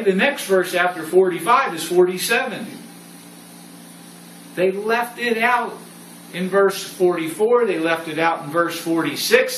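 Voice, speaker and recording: A man leading a Bible study group, reading scripture aloud and telling stories in an animated way. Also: high-pitched. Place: room with a small study group. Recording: roomy sound from a distant mic with faint noise.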